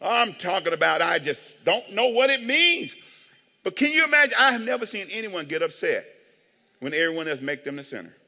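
A high-voiced man preaches with a lively, swooping delivery, teasing his congregation and asking for amens. His bright, forceful voice rings out with a long church reverb trailing behind every line. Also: brisk. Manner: animated, joking, calls for amens. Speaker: pastor. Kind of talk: sermon. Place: church sanctuary.

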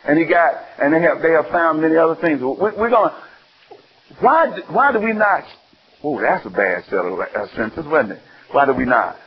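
A man from Alabama, preaching an animated sermon full of questions to his listeners. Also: fairly high pitch, normal speed. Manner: animated, call-and-response, exclaiming. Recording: dull lo-fi sound.

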